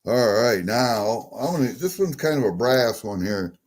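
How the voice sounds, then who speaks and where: A man's voice: mid-range voice, lively intonation, unhurried. A man casually showing and talking through coins from a package he just opened, chatty and easily delighted, muttering to himself. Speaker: coin collecting vlogger. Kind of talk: casual unboxing talk.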